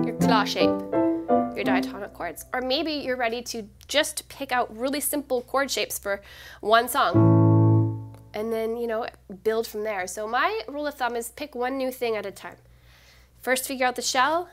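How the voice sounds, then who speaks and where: A woman's voice: fairly high pitch, normal speed. A woman giving a live online piano lesson, explaining chords in an upbeat way while she plays and sings along. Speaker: piano teacher. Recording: loud piano playing under the voice.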